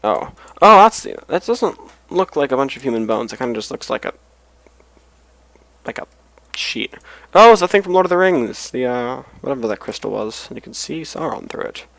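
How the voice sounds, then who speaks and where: A man's voice: medium pitch, sing-song, moderate pace, vocal fry, fairly bright tone, no room sound, rough recording. A tired man casually rambling as he comments on a game he is playing, with mumbled asides. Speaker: let's play host.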